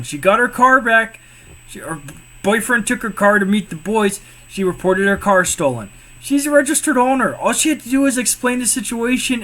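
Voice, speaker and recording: A man with a fairly high voice talks over a video in casual commentary. He sounds exasperated, circles back to the same point again and again and swears freely. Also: fairly bright tone. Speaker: co-host reacting to police footage.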